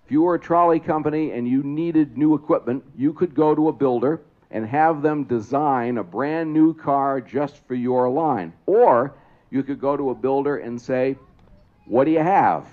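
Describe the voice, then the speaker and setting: A man's voice: mid-range voice, moderate pace, narrow, tinny audio. Man announcing to an outdoor crowd. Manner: explanatory, asks the crowd questions. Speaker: parade announcer. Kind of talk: public address commentary to a crowd. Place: outdoors at a trolley museum event.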